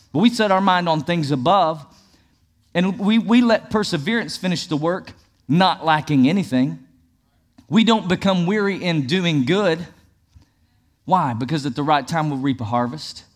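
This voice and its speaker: A male pastor delivering a sermon with a fairly high voice. He preaches emphatically, often repeating phrases for effect. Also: normal speed. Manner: emphatic, repetitive preaching cadence.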